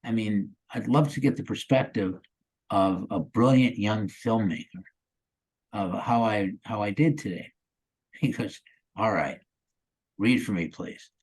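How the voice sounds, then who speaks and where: A man's voice: medium pitch, a little mellow, breathy edge, poor audio. A man in his sixties from the Chicago area, a guest actor telling stories in a casual interview, rambling and upbeat with lots of "you know" and "um". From Chicago area, USA. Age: 60s.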